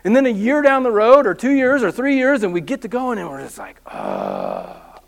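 High-voiced male pastor telling stories. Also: fast, gravelly. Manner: storytelling, animated, self-deprecating humor. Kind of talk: sermon.

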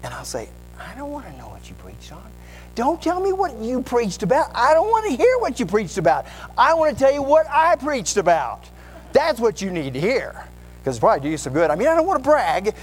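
A man's voice: sits high, sing-song, fast talker, breathy edge, faint music behind, voice pushed up, exaggerated voice, poor audio. A man voicing a boastful know-it-all churchgoer who talks with mock self-importance and lots of bragging. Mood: smug, bragging.

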